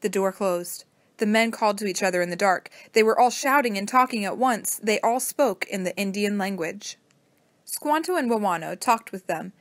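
A woman reading a children's storybook aloud as narrator, in a steady, plain manner. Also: medium pitch, normal speed, no room sound.

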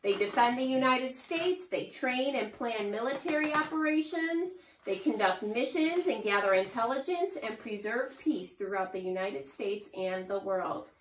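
A woman teaching a preschool lesson to young children, with a slow, sing-song and exaggerated teacher delivery. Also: fairly high pitch, animated, slight background noise. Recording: echoey room, far from mic.

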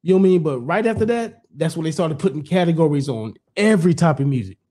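Middle-aged man, slightly high but mellow voice, rambling, blunt podcast regular. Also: lively intonation, fast talker. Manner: rambling, repeats "you know what I'm saying", blunt and profane. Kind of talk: casual podcast chat.

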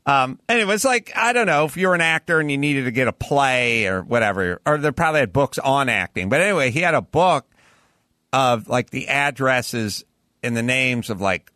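A man's voice: medium pitch, lively intonation, moderate pace, sharp tone, no room sound, studio quality. A man hosting a podcast, telling rambling, profane anecdotes in casual chat. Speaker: podcast host.

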